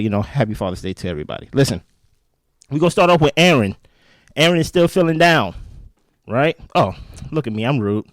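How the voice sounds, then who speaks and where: A man's voice: medium pitch, no room sound. A young adult man hosting a show and recapping an episode in casual, opinionated chat, talking straight to viewers and often asking "right?". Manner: chatty and opinionated, addresses viewers directly, checks in with frequent "right?". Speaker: show host.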